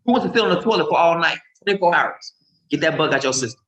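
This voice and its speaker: A man preaching informally and emphatically, swinging between loud outbursts and low murmurs. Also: animated, fast. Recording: roomy echo.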